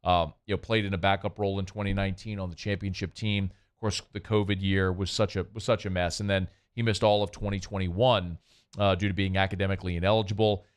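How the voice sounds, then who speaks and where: A man's voice: low voice, little pitch movement, clean tone. A man hosting a sports radio show, chatting loosely about sports and doing a live ad read. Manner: chatty, loose, quick asides.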